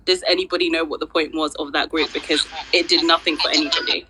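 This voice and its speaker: A woman speaking in an online audio space, telling a story in an animated, exasperated way. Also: low voice, fast talker, heavy background noise. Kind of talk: casual discussion.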